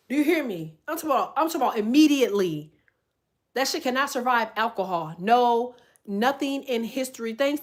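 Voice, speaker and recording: Woman ranting to her viewers, cussing a lot, voice jumps all over, kinda high. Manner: profane, animated, conspiratorial. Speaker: content creator. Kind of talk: casual rant to camera.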